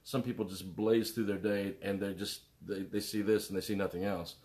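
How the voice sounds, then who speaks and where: At normal speed and in a lowish voice, a middle-aged musician rambles casually to his live-stream viewers. Animated throughout, he greets them by name and skips between topics.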